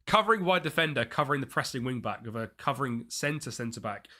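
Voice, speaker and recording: A man's voice: medium pitch, animated, fast talker, sharp tone. A man chatting as he streams a football management game, reacting to the match and his chat. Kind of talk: live gameplay commentary.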